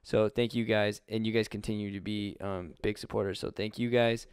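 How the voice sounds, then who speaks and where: A man's voice: lowish voice, little pitch movement, fairly quick, smooth, no room sound. A man co-hosting a casual podcast, rambling and swearing freely, with lots of "like" fillers. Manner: rambling, cursing, heavy on "like". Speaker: podcast co-host. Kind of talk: casual chat. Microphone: webcam.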